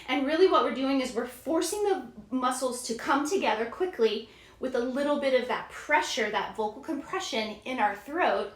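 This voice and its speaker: A woman vocal coach giving a singing lesson, explaining clearly and demonstrating sounds in a friendly way. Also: sits high. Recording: roomy echo.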